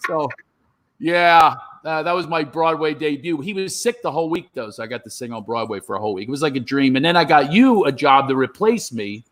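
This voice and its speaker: A man telling a lively comedy anecdote on a video call, acting out other people's voices as he goes. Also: on the high side, a little fast. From Philadelphia. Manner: animated storyteller, acts out voices. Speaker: comedian guest. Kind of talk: storytelling chat.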